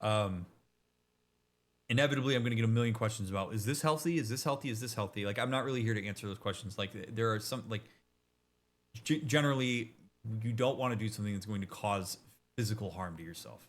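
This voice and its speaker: Emphatic, direct man explaining grief. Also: fairly low pitch. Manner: emphatic, direct, with quick asides and restarts. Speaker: therapist reacting to a game. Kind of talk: casual explanatory commentary.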